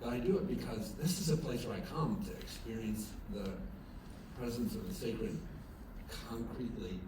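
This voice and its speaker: A man's voice: on the low side, normal speed. A man preaching in an echoey chapel. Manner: conversational storytelling, many fillers and restarts; grows lively and emphatic when telling a story. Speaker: pastor. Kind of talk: chapel sermon. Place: chapel at an evening service. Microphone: distant from the recording mic. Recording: very echoey chapel from far off, room noise.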